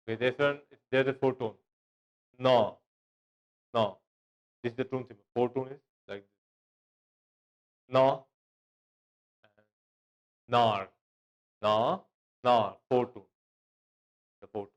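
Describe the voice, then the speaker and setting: A man teaching a language class, slowly drilling words by repeating them and spelling them out. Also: mid-range voice, lo-fi sound. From Pakistan.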